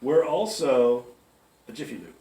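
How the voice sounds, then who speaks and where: A man's voice: medium pitch, very animated, measured pace, mellow. A man speaking to new staff in a large music store, telling chatty stories and checking in with his listeners. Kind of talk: storytelling pep talk to a group. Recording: echoey store, from far off.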